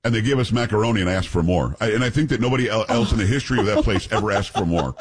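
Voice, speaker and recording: A man hosting a radio talk show, telling stories in a lively casual way and slipping into voices. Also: on the low side, rapid-fire. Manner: animated storytelling, puts on voices in anecdotes.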